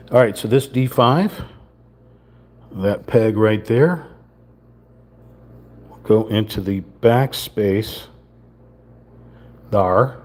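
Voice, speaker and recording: Slow and often pausing, a man with a darkish, medium-pitched voice narrates his wooden model kit build on a live stream. He mutters step by step to himself as he handles the small parts.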